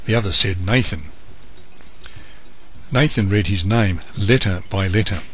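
A man reading a bedtime story aloud, gentle and measured. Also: on the low side, a little hiss or hum.

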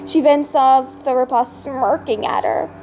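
A woman reading her own fan story aloud, halting now and then to restart and fix words. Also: high-pitched, mellow, a little hiss or hum. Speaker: storybook reader.

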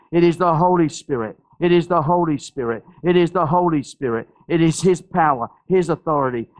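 A male pastor from Australia delivering an impassioned sermon and altar call, repeating phrases and restarting sentences as he presses the point. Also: rough recording. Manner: impassioned, repetitive preaching with many restarts; drops to soft, low storytelling voice for anecdotes.

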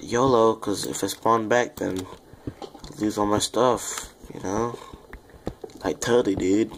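A young man with a lowish, quiet voice that seems to drift away from the microphone, chatting loosely to his viewers as he plays. He rambles, apologizes, and pokes fun at himself. Faint keyboard clicks tick along beneath him. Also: slight background noise. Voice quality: low, quiet voice that sounds off-mic. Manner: rambling, self-deprecating, chatty asides to viewers. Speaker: gaming YouTuber. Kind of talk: casual Let's Play commentary.

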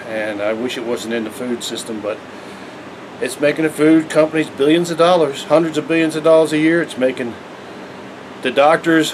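A man's voice: fairly high pitch, a little hiss or hum, low-quality recording. A man giving a casual, rambling vlog monologue, earnest and preachy and breaking into chuckles. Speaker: vlogger.

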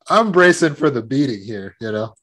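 A man's voice: mid-range voice, a bit bright. A man telling a personal childhood story and giving self-help advice as a trauma recovery coach, often repeating words and laughing as he talks.

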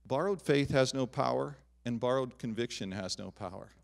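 Animated preaching man, pastor. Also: medium pitch, moderate pace, gravelly. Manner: animated preaching, rising loud on emphatic lines, dropping soft on personal asides. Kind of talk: sermon. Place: church sanctuary.

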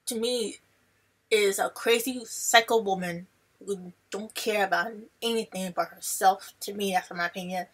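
A woman vlogger giving an excited, rambling reaction to a movie trailer, gushing and talking in loose run-on thoughts. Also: medium pitch, a little slow.

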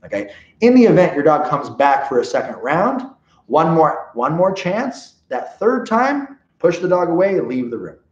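A man leading a live dog training seminar, animated and often checking in with his listeners. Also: on the high side, moderate pace. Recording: roomy, dull lo-fi sound.

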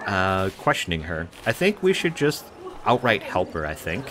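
A man hosting a let's play, thinking aloud about his choices in a relaxed, musing way. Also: low voice, moderate pace, slight background noise. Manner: musing, thinking aloud, with fillers and little laughs. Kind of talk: casual gameplay commentary. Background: game music.

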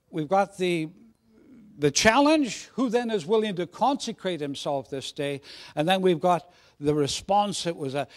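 A man preaching a sermon in a jovial, conversational way with frequent restarts. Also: a little high. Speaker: guest preacher.

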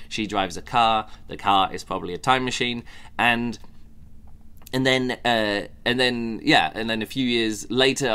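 A man with a medium-pitched, sharp-toned voice hosts a podcast and gives a casual, rambling spoken book review. He fills it with fillers and restarts, occasionally mimicking characters in a mocking way.

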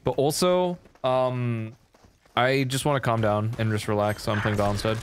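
A man's voice: mid-range voice, steady tone, moderate pace, a little hiss or hum. A young man streaming a game in casual, rambling chat, swearing and venting his frustration at his teammates.

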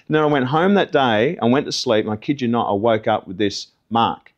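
A man's voice: fairly low pitch, a little fast, hardly any pauses, muffled recording. Earnest man telling his story. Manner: earnest, conversational storytelling with acted quotes. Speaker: testimony guest. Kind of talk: personal testimony.

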